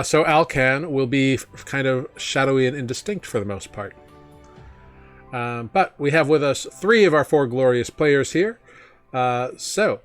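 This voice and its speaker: Serving as game master, a man runs a tabletop game stream, talking in a loose, easygoing manner with lots of little fillers and light laughter. His pitch is a typical middle range, and soft music plays faintly in the background.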